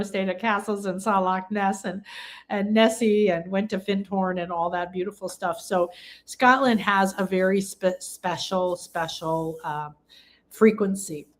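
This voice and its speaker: A woman from England hosting a live spiritual talk, gushing and rambling, with bursts of excited exclamation. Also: medium pitch. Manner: rambling, with frequent restarts and fillers. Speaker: spiritual teacher and live-stream host.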